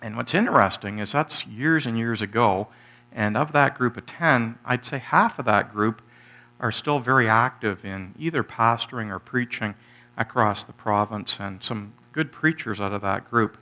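A middle-aged male pastor delivering a sermon in a bright, forward voice. He tells the story in a relaxed way, with "uh" fillers and restarts. Then he rises to emphatic, energetic peaks. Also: medium pitch, moderate pace.

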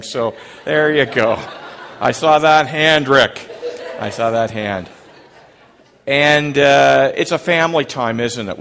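A man's voice: fairly low pitch, fairly bright tone. A man preaching a sermon to a congregation, in a conversational way with frequent "uh" fillers, questions to the room and light jokes. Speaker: pastor. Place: church service before a congregation.

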